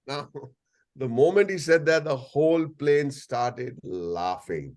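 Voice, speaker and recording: A man's voice: mid-range voice, animated, unhurried, a little mellow. Indian English man, 60s, playful storyteller speaking over a video call. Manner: playful, storytelling, jokes and asides. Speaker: guest speaker. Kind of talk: anecdotal talk to a video-call audience.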